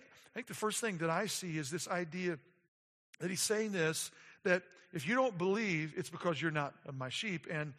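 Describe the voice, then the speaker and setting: A man preaching a sermon as a pastor, moving from quiet explanation to emphatic declarations. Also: high-pitched, in a large hall.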